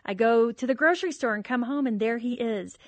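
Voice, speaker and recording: A wife as a guest on a talk show, speaking sincerely and cheerfully. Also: female voice, fairly high pitch, fairly quick, no room sound. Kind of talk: conversational interview.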